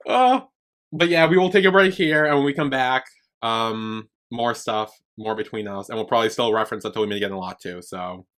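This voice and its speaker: A man's voice: mid-range voice, brisk, fairly bright tone. A man co-hosting a podcast, recapping a show in a loose, rambling way with lots of fillers. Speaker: podcast co-host. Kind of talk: casual chat recapping a TV series.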